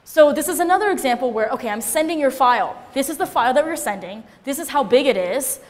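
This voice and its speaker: A woman giving a casual, animated classroom lecture, often checking in with her listeners by asking "right?". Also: high voice, fast talker, big-room sound.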